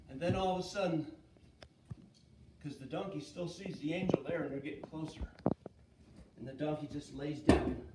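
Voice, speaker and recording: A man teaching children's church, telling a Bible story with energy and asking the kids questions. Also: fairly high pitch. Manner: lively, asks kids questions. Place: church kids' room. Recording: echoey room, far from mic, faint noise.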